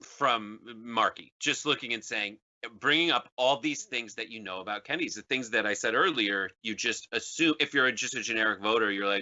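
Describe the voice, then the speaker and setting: A man's voice: medium pitch, fairly quick, sharp tone, muffled recording. A man as guest on a political chat show, joking and rambling through anecdotes. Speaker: guest co-host.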